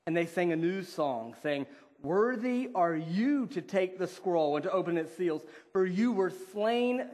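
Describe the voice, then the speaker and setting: Male pastor, somewhat high voice, earnest conversational sermon, slow deliberate scripture reading. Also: animated, darkish tone. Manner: earnest, conversational preaching with fillers.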